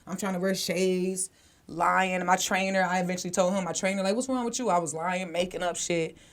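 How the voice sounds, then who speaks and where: This podcast co-host has a lowish voice with little pitch movement and a moderate pace. She recounts a personal story in a blunt, casual way, swearing freely and speaking directly to listeners.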